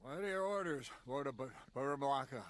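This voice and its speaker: An actor as a sarcastic gruff commander. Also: male voice, medium pitch, animated, fairly quick, a bit bright, dry recording, lightly acted. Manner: sarcastic, blunt. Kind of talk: video game dialogue.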